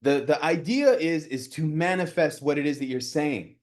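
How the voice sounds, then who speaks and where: A man in his thirties coaching a live group on real estate cold calling, energetic and talking with his hands, often checking in with "right?". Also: fairly high pitch, moderate pace.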